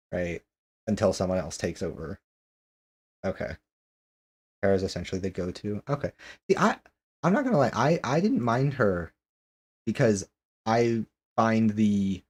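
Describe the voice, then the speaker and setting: Male streamer, rambling casual chat, somewhat low and husky. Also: a little mellow. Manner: rambling, questioning, many restarts and fillers.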